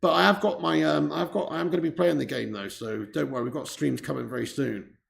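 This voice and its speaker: A man hosting a live football watch-along, chatting casually, reading out viewer messages and swearing when he gets excited. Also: a little high, fast talker, gravelly. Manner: excitable, swears, reads viewer chat aloud.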